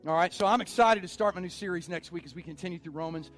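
High-voiced excitable man preaching. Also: fast talker, faint music behind. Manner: energetic, excitable preaching that swells into shouts. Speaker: pastor. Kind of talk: sermon.

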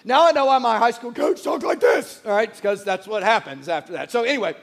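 A male pastor preaching in a church, his voice strained, hoarse and squeaky from days of shouting. He speaks at a strikingly high pitch and keeps the congregation engaged with lively call-and-response. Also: fast. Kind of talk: sermon. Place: church sanctuary.

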